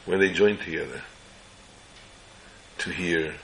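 A man with a very deep voice tells an inspirational religious story. His tone is bright and forceful, and he delivers it in slow, measured phrases. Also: steady tone, vocal fry, slight background noise, poor audio.

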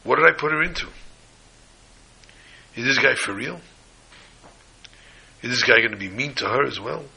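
Gravelly, bright-toned man preaching. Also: normal speed, a little hiss or hum, rough recording. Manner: animated storytelling, voices the characters with rising pitch. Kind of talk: Torah sermon with a story.

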